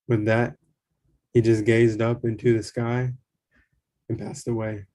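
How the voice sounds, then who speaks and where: A man reading a spiritual memoir aloud in a calm, measured way. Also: mid-range voice. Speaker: reader.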